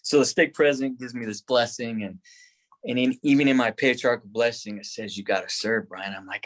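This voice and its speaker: A man's voice: medium pitch, fairly quick. Rambling, emotional male storyteller. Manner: rambling, many restarts, acts out his own past words; grows excited and tearful in the telling. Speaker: podcast guest.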